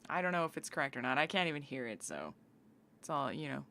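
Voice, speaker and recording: A woman's voice: extremely low pitch, big pitch swings, fast, creaky, bright, forceful tone, a little hiss or hum. A woman from the United States chatting casually with viewers on a live stream, bubbly and giggly as she reads chat aloud and riffs on it. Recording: faint game music behind.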